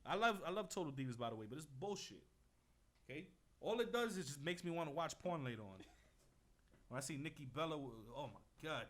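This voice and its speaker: A young man co-hosting a casual chat, telling stories loudly and with swagger, swearing freely. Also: fairly high pitch, big pitch swings, fast talker, pauses often. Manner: loud, swaggering storytelling with profanity. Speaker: co-host.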